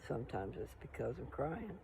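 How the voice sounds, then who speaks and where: An older man in a casual vlog, chatting slowly about his plans while sitting outdoors, with a gravelly voice. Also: mid-range voice, big pitch swings, mellow, a little hiss or hum, poor audio. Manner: sings old songs slowly, then chats about breakfast. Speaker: vlogger. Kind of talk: casual monologue with singing. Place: outdoors sitting on a metal chair.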